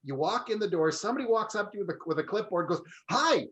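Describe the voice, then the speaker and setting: A man co-hosts a relaxed group chat, with a voice pitched a little high. He talks in long, storytelling runs and mimics people as he goes. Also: very fast, rough recording. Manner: chatty, storytelling, mimics salespeople. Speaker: co-host. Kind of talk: casual panel chat.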